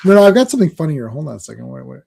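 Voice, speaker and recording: A man's voice: fairly high pitch, very animated, racing, vocal fry, noisy background. A man co-hosting a casual comic book chat, rambling, laughing often and quoting scenes in other voices. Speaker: podcast co-host. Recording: livestream call.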